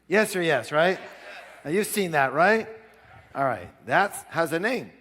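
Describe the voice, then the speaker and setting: A man giving a live negotiation seminar, energetic and commanding, prompting the audience to answer. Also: a little high, unhurried, in a large hall.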